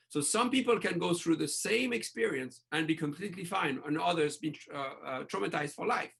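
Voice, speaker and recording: High, gravelly man speaking passionately. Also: a bit bright. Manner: passionate, restarts phrases, speaks in bursts. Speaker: breathwork coach, podcast guest. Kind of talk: enthusiastic interview talk.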